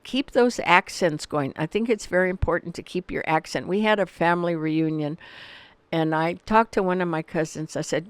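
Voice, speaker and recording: An older woman talks in a fairly low voice, close to the mic in a dry room. She tells stories in an animated way and acts out the voices of the people in them. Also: normal speed, clean tone, dry recording. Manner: animated storyteller, acts out quoted dialogue. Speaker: author and activist guest. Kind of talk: casual conversation.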